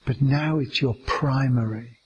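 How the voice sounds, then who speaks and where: A man giving a slow, meditative teaching talk about staying aware in each moment, drawing out his words gently. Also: mid-range voice, lo-fi sound, a little hiss or hum.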